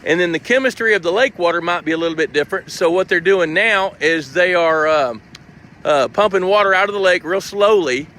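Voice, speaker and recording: Guy walking around a lake on a phone livestream, chatty, bright high voice. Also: fairly quick. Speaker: host. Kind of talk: live-stream walkthrough. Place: outdoors by a lake at a fish truck. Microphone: handheld phone camera.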